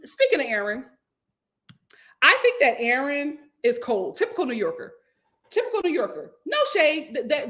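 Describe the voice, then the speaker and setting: A woman giving casual, sassy commentary on reality TV, talking in a colloquial, animated way. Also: high-pitched. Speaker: reality TV reviewer.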